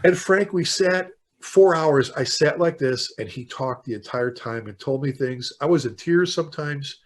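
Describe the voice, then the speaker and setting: An older man speaks with a slightly raised pitch and a husky edge. He talks as a podcast guest in a lively, conversational way. He jumps into quoted dialogue as he tells his stories. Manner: animated, quickly quotes people in stories. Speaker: podcast guest, fire chief. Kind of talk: conversational storytelling.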